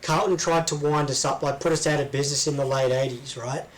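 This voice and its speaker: Co-host: Australian man, slightly higher voice, talkative, meandering. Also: fairly even intonation, quick pace, poor audio. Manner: rambling, full of ums and restarts. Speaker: podcast co-host. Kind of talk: casual chat.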